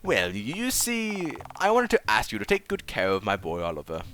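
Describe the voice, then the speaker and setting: A man voicing a pompous aging gentleman theater owner with a stuffy, attempted British accent, reading a game aloud on stream. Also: fairly low pitch, huge pitch swings, normal speed, faint music behind. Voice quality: stuffy, formal, old-fashioned phrasing.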